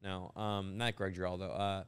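Smooth-voiced man riffing as podcast host. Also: deep voice, flat delivery, normal speed. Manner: joking, provocative riffing. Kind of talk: casual comedic podcast banter.

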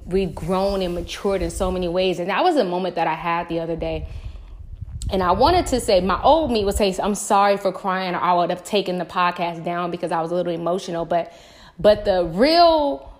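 A woman hosting her own podcast, talking in an earnest, reflective way and speaking straight to her listeners. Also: lowish voice. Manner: earnest and reflective, rambling with restarts; encouraging, talks straight to listeners. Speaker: podcast host. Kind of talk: casual spiritual podcast monologue.

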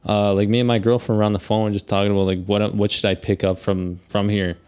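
A man with a somewhat low voice chats on a podcast. He talks in quick bursts full of asides and fillers. He keeps nudging the others along with short agreeing words. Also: little pitch movement, darkish tone, clear, resonant tone. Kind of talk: casual chat.

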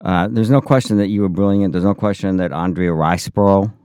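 A man's voice: low voice, fairly quick, warm tone, smooth, dry recording, clean studio sound. A man co-hosting a podcast in casual banter, sarcastic and opinionated, teasing his co-host.

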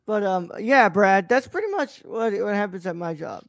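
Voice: medium pitch, lively intonation, moderate pace, no echo, studio quality. A co-host in a casual live podcast chat, talking easily and calling people "bro". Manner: laid-back, says "bro" and "um" often.

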